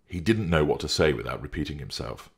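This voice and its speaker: A man narrating a dramatic story in a measured, scripted way. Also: extremely low pitch, expressive, creaky, husky.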